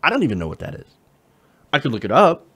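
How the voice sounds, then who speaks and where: A man's voice: medium pitch, wildly swooping pitch, quick pace, fairly bright tone, husky. A man hosting political commentary, reading an op-ed aloud and mocking it with sarcasm, profanity and laughter.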